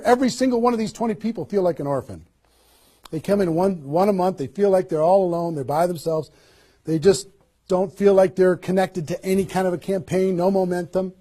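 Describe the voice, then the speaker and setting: A man giving an energetic motivational seminar talk as a network marketing trainer, firing rhetorical questions at his audience. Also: high-pitched, slightly rough.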